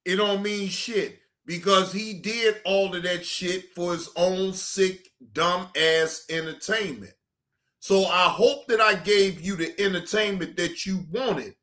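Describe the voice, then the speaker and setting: A livestream reaction host ranting at a viewer in the chat, profane and heated, often breaking into shouts and repeating dismissive goodbyes. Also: mid-range voice, slow pace. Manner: repetitive dismissive sign-offs.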